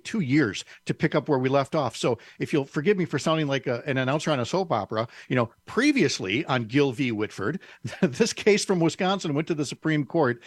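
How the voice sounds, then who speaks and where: A man's voice: mid-range voice, no echo. Man hosting a radio interview, dry sound. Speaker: radio show host. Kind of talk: scripted intro then interview questions.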